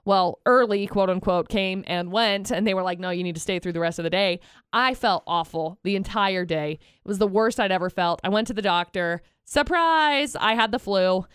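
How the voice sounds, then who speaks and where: A woman's voice: mid-range voice, normal speed, a bit bright, clear, resonant tone, dry recording, studio quality. Chatty female radio co-host. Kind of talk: casual radio chat.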